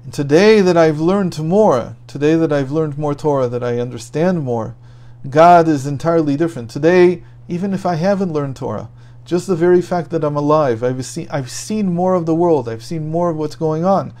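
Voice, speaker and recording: Man doing a wise old rabbi, calm and reassuring, a bit higher voice. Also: normal speed, close to an everyday voice. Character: gentle elderly sage reassuring and teaching.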